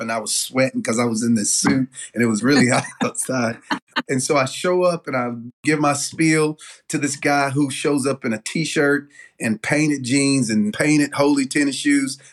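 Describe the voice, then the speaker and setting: A middle-aged man tells stories as an interview guest. He is animated and loose, with lots of fillers. His pitch sits in an ordinary middle range. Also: moderate pace. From Southern United States. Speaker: guest, denim company owner. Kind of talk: casual interview storytelling.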